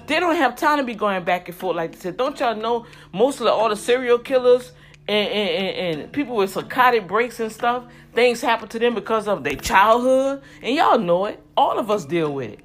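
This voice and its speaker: A woman in her fifties giving heated, indignant commentary straight to her viewers, often repeating words as she gets worked up. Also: a little high. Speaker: vlogger.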